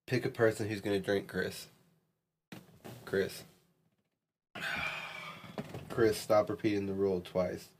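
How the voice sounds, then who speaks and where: A man's voice: lowish voice, steady tone, slow, long pauses, darkish tone, a little hiss or hum. A man co-hosting a podcast, reading out drinking-game prompts in casual, joking chat. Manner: reads out game cards, joking. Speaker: podcast co-host.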